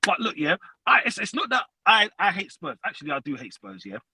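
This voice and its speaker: High, bright-voiced man ranting. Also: huge pitch swings, brisk, slightly rough, no echo, low-quality recording. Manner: loud, profane trash talk with constant tags. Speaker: caller. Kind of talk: heated fan call-in rant.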